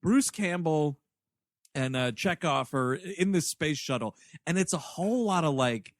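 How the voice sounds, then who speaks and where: A man co-hosting a movie review podcast in casual chat, telling the plot with animated asides and quick acted-out lines. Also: fairly high pitch, dry recording, studio quality. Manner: animated storytelling, acts out characters in quick asides. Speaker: podcast co-host.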